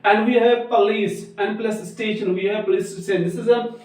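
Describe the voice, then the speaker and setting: A male teacher gives a grammar lecture slowly, repeating each point as he goes. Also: high-pitched, steady tone, a little mellow. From Pakistan. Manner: slow, repetitive, restates each point. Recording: very echoey room, voice far from mic.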